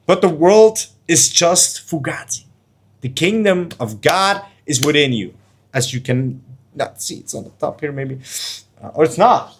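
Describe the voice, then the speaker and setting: A man's voice: mid-range voice, animated, moderate pace. A man coaching to camera in an intense, preachy motivational monologue, blunt, with casual slang and swearing. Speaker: life and trading coach.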